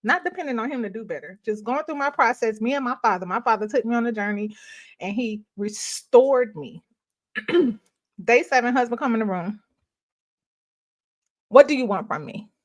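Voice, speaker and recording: A middle-aged woman, hosting a ministry live stream and telling a personal story in casual, animated talk that often breaks into laughter. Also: on the high side, normal speed. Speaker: ministry host.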